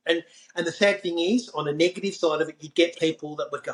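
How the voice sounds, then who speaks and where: A man's voice: on the high side, a little fast, low-quality recording. A man, hosting a podcast interview. He talks in an effusive way and is generous with his praise. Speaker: podcast host.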